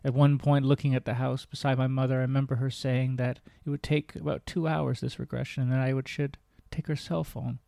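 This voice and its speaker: Earnest male host reading his memoir, even delivery, dry close sound. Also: medium pitch, brisk, vocal fry, few pauses, no room sound. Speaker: podcast host.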